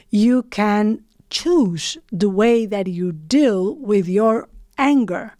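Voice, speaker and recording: A woman giving a reflective motivational talk in short phrases with frequent pauses and non-native English phrasing. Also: fairly high pitch, a little mellow, no room sound, clean studio sound. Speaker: motivational speaker.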